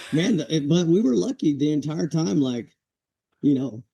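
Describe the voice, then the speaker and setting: Dark-voiced laid-back male veteran. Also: fairly high pitch, expressive, moderate pace, gravelly, husky, dry recording. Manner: laid-back, chuckles, acts out quoted drill instructors. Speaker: podcast guest, Marine veteran. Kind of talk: casual storytelling interview.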